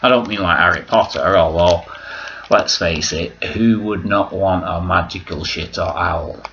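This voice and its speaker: A man's voice: sits low, unhurried, fairly bright tone, muffled recording, slight background noise. A man vlogging at home, rambling through a joking, self-mocking monologue full of swearing.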